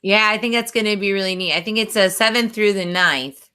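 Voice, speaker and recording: A woman's voice: mid-range voice, pushed and bright, smooth. A woman hosting a podcast, chatty and upbeat, teasing her guests. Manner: chatty and upbeat, quick to tease. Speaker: podcast host. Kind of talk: casual chat.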